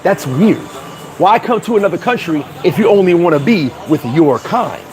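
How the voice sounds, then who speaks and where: Still sweating on that hot Caribbean street corner, the New York vlogger keeps up his casual livestream rant to the chat at a normal speed. His higher voice is blunt and profane, and he cracks up whenever he trips over his words.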